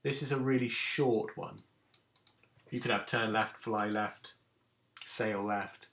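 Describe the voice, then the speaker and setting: A man's voice: lowish voice, steady tone, takes it slowly, creaky, a bit bright. A man, a teacher giving a recorded lesson to children and explaining each step patiently. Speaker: primary school teacher.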